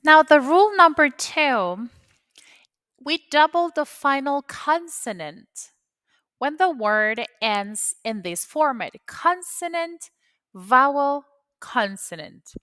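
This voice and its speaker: A woman's voice: high voice, animated, slow pace, bright, forceful tone, dry recording. A woman whose first language is Spanish, patiently explaining an English grammar rule step by step, repeating key points. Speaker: English teacher. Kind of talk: grammar lesson.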